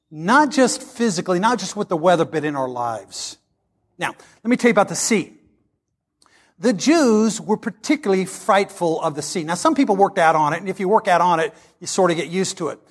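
High-voiced animated preacher man. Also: a little fast. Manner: animated storytelling, folksy and emphatic. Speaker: pastor. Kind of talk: sermon.

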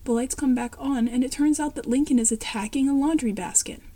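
A woman reads a fan story aloud, saying each speaker's name and the stage directions as she goes. Her voice sits somewhat high for a woman but has a mellow, dark tone. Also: brisk. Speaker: story reader.

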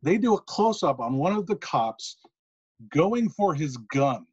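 Guy on a podcast going thru an old wrestling angle, kinda high voice, muffled lo-fi sound. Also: slightly rough. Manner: animated retelling with quick asides. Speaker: podcast co-host. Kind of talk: casual podcast storytelling. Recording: muffled lo-fi recording.

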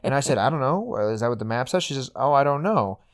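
A man's voice: mid-range voice, quick pace. Podcast host guy joking around, voice all over the place, just chatting. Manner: joking, punning, animated storyteller. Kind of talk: casual chat.

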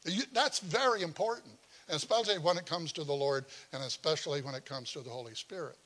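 A male pastor preaching a sermon, telling stories in an animated, conversational way and chuckling as he goes. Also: a little high, a little fast, hardly any pauses. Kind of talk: sermon with personal storytelling.

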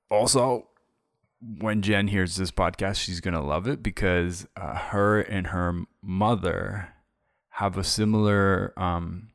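A man hosting a podcast, responding in an earnest, reflective way with frequent "uh" and "um" pauses. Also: deep voice, gravelly, no room sound, studio quality. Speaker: podcast host. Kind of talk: podcast conversation.

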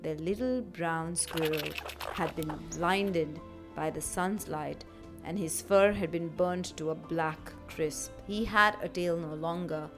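A woman narrating a scripted children's story for a radio program, in an expressive, animated storytelling manner. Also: low-pitched, slow. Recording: faint background music.

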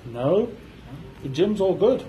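A man's voice: high-pitched, sing-song, slow, dark tone, dull audio, slight background noise. A young man with a naive, easily confused manner, chatting casually with friends. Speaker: guest being teased. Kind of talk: casual banter among friends.

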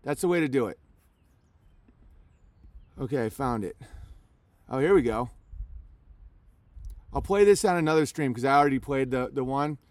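A man's voice: medium pitch, normal speed, long pauses, a little mellow, no echo. A man live streaming, talking casually to his chat in a rambling way with many restarts.

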